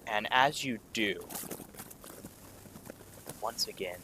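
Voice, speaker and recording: A man narrating as game master in loose, hesitant speech with many fillers, sometimes dropping to a hushed whisper, over a video call. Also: lowish voice, expressive, very slow, a little hiss or hum. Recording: music playing underneath.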